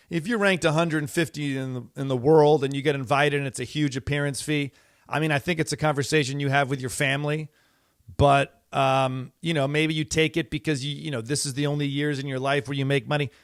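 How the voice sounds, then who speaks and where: A man's voice: a little high, no echo, studio quality. A middle-aged man hosting a podcast, talking in a rambling, exasperated way with many fillers and restarts. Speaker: podcast host. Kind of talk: casual monologue.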